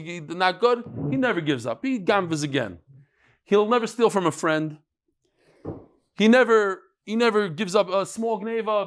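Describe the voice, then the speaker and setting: A man teaching a Talmud class, telling stories with animated delivery and jumping between voices. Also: high voice. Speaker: Talmud lecturer. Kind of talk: lively storytelling lecture.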